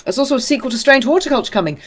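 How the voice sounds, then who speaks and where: A woman's voice: high-pitched, expressive, rapid-fire, crowd noise. A woman co-hosting a live game stream, chatting and reading viewer comments aloud. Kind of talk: casual chat on a live stream.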